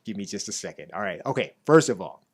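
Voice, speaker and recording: A middle-aged man with a low-pitched voice hosts a relaxed talk show. He speaks casually, then grows lively and energetic when he gives shout-outs. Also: fast, husky. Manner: animated, hyped during shout-outs. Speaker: show host. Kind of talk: casual interview chat.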